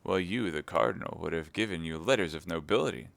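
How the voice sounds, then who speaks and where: A man's voice: low voice, expressive, fast, creaky, a bit bright, dry recording, exaggerated voice. A man reading a classic novel aloud, voicing a secretive cloaked agent who speaks scornfully and persuasively.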